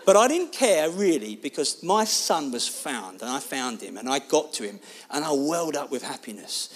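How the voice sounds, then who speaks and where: A man preaching a sermon, telling a personal story in an animated, expressive way. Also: a little high, moderate pace.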